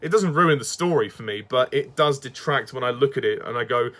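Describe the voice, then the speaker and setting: A man's voice: mid-range voice, lively intonation, brisk, fairly bright tone. A man giving a casual spoken review, hesitant and repeating words, with frequent chuckles.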